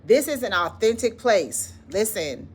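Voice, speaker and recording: Her mid-range voice has big pitch swings and a breathy edge, and she takes her time. With a Southern US accent, the founder of an educators' wellness club leads a breathing exercise, speaking conversationally and encouragingly about self-care, sprinkling in "listen" and "like."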